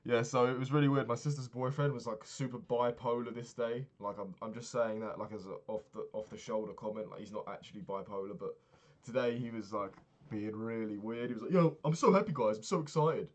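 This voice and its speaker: A man's voice: mid-range voice, little pitch movement, brisk, hardly any pauses. A man in his twenties recapping a trip in a rambling, sweary, casual monologue, often laughing at his own stories. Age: 20s. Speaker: vlogger.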